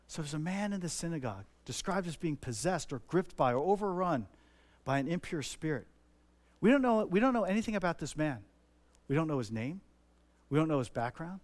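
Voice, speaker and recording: High-voiced man preaching earnestly. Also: animated, a little fast, a little mellow. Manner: earnest, repetitive, rises to emphatic stresses. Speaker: pastor. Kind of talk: sermon.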